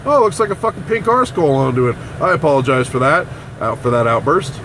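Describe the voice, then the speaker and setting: A man rambling through a casual vlog, swearing constantly and breaking into loud outbursts. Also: on the high side, lively intonation, a little fast, a little hiss or hum. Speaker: vlogger at a vape shop. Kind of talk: casual profane vlog chat.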